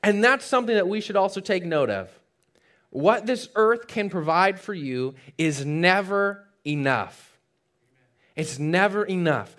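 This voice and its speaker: A man preaches in a church with a notably high voice. He tells the story in an animated way, rising to loud emphasis and then dropping to a hush. He adds light, joking asides for the congregation. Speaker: pastor. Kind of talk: sermon.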